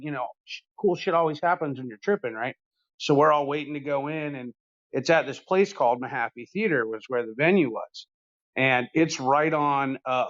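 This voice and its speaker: A man of middle pitch chats on a podcast, wandering through a long anecdote with plenty of swearing and filler. He sounds easygoing and loose. The recording is a bit dull and lo-fi. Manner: rambling, profane, laid-back. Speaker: podcast host. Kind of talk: casual storytelling chat.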